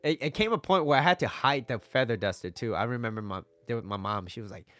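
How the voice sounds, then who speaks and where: Animated joking man giving dating advice. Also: medium pitch, fast, no echo. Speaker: dating coach. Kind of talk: casual talk with slides.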